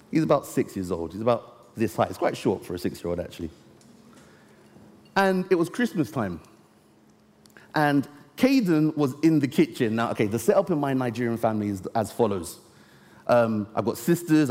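A man preaching a sermon, telling a story and slowing down to stress key words. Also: medium pitch, a little mellow. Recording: long reverb of a large hall.

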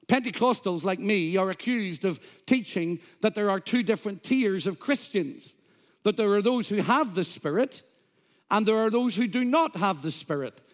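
Standing at the pulpit in church, a male pastor whose voice is notably high gives an emphatic sermon. He quotes scripture and throws in jokes for the congregation.

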